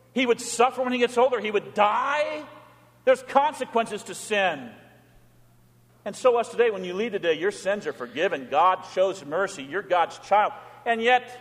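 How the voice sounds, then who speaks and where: High-voiced pastor preaching in a reverberant hall. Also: male voice. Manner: animated preaching with dramatic quiet drops. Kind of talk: sermon.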